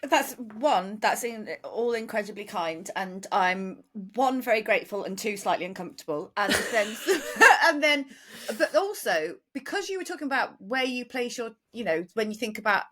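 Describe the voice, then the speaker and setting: A woman co-hosts a podcast in casual chat. Her voice is bright and lively, with wide swings in pitch. She laughs easily as she talks. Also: moderate pace. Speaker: podcast co-host.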